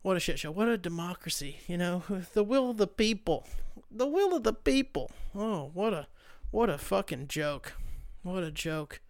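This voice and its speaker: Smooth-voiced young man ranting casually. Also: sits high, expressive, moderate pace. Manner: loose, profane, sarcastic ranting. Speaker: podcast host. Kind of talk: casual solo podcast chat.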